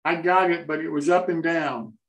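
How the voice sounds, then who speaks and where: A man hosts a video call, with a fairly high voice. He sounds concerned and reassures his guest with quick repeated words. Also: fairly bright tone. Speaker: host. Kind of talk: casual chat.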